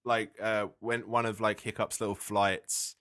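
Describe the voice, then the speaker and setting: A man's voice: fairly low pitch, little pitch movement, a little slow, fairly bright tone. A man co-hosting a podcast, making wry, sarcastic asides in casual chat. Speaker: podcast co-host.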